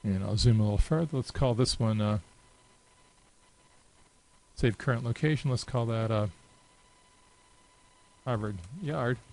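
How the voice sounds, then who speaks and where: Clicking through software on a screen share, a man talks through it without a script, unhurried and casual, with frequent filler pauses. His voice sits at an ordinary middle pitch and sounds gravelly, and the recording is rough.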